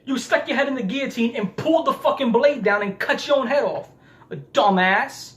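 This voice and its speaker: A man's voice: extremely high pitch, a little fast, a bit bright. A man ranting angrily on camera, heated, profane and mocking. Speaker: YouTube commentator. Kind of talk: angry ranting commentary.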